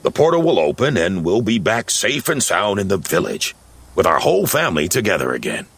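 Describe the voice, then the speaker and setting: Papa Smurf, a calm old Smurf leader played by a man. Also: fairly low pitch, fairly quick, breathy edge, heavily acted. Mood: reassuring. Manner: calm, gentle reassurance. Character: kind elderly male Smurf leader, reassuring.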